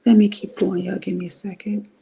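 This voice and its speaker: A woman's voice: mid-range voice, level tone, fairly quick, gravelly, warm tone, a little hiss or hum. A middle-aged woman from Cleveland, ranting bluntly and profanely on a casual livestream. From Cleveland, Ohio. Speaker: livestream host.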